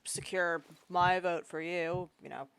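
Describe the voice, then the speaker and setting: A woman's voice: fairly low pitch, fairly even intonation, measured pace, a bit bright, clear, resonant tone, no echo. A woman speaking in character in a group roleplay, cynical and dry.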